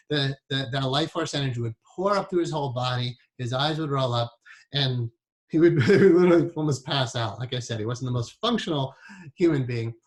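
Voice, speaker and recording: A man's voice: medium pitch, a bit bright. A man teaching a hypnotherapy class in a conversational way, with frequent laughs and many asides.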